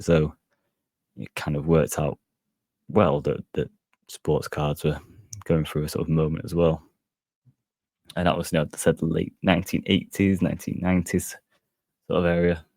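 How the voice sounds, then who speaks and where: A man's voice: a bass voice, level tone, fairly quick, vocal fry, a little mellow, no room sound. A man hosting a casual solo podcast, rambling and hedging with lots of fillers. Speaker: podcast host.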